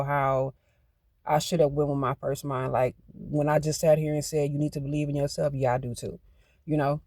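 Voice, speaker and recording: Guy doing a hyped tarot reading, kinda high voice, dry close sound. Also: darkish tone, dry recording. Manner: emphatic, gets hyped, talks to self. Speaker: tarot card reader. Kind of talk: channeled card reading.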